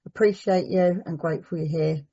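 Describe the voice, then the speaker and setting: A woman chairing a recovery meeting, thanking the speaker and reading a prayer in a calm, measured way. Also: lowish voice, husky, muffled recording.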